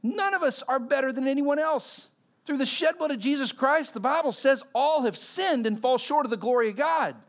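A man's voice: very high-pitched, moderate pace. A man preaching a sermon, telling stories and acting out the quotes in them. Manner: animated storytelling, acting out quotes.

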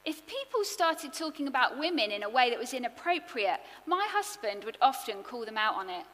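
A woman preaching in an earnest, expressive way, her voice bright and a touch high. She builds her points in rhythmic lists, and a long reverb trails after each phrase as if in a large hall. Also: a little fast. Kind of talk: sermon.

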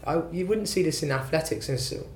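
A man's voice: fairly high pitch, brisk, a little hiss or hum. A man who is a singer-songwriter, telling his story in a rambling, self-deprecating way during a casual interview. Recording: roomy echo, faint ambience.

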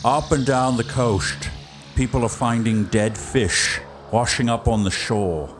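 A man's voice: mid-range voice, fairly even intonation, measured pace, soft background music, natural voice. An actor playing a grave adult man who secretly plots evil, speaking in an ominous manner.

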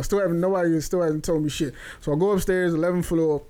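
Higher-voiced male podcast host; animated, profane, laughing storyteller. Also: fast talker, hardly any pauses, a little hiss or hum. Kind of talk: casual storytelling.

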